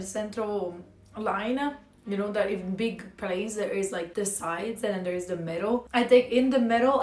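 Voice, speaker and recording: A young woman streamer animatedly telling a funny travel story in casual chat. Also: medium pitch. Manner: animated, laughs through the funny parts. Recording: echoey room with faint music.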